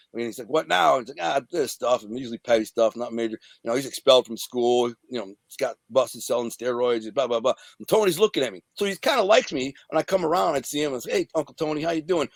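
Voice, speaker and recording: A man from the Detroit area telling rough, profane stories from his past in a casual, animated way as an interview guest. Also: medium pitch, dry recording. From Detroit area, USA. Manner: streetwise, profane, animated retelling. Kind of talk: casual storytelling.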